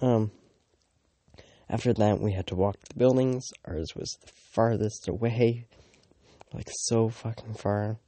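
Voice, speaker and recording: A man's voice: lowish voice, fairly even intonation, a little slow, long pauses, warm tone. A teenage boy from Canada telling a rambling storytime, full of fillers and swearing, with mocking asides. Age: teens. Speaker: vlogger.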